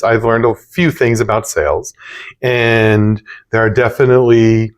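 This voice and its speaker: Male business owner, easygoing teaching voice, average pitch, plain chatty sales talk. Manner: relaxed, conversational, demonstrates upbeat phone greetings. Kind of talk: casual instructional talk.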